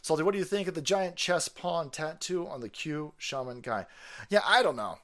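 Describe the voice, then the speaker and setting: A man hosting a live stream, ranting crudely and excitably, with sudden loud bursts and fast runs. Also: fairly high pitch. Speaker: livestream host. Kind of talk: profane political rant stream.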